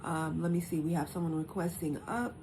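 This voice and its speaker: Female stream host, lowish pitch, chatty and reassuring; noisy stream audio. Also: fairly even intonation, a little fast. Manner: reassuring, chatty, reads stats aloud. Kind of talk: casual live stream hosting.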